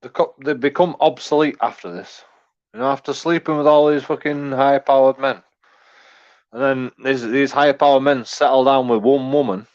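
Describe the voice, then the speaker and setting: A man's voice: medium pitch, a little mellow, dull audio. A man, ranting in a rambling, crude, profanity-heavy way as he reacts to a clip. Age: 40s. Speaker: commentator. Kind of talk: casual reaction rant.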